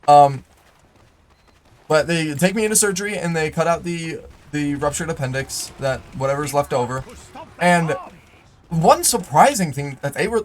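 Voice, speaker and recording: A young man with a fairly high voice tells a long personal story while he plays, scattering "like" and false starts through every sentence. He breaks off mid-thought to react to the game, then picks the story back up. A faint ambient hum sits behind him. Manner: rambling, full of "like" and restarts. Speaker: gaming YouTuber. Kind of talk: storytelling over live gameplay.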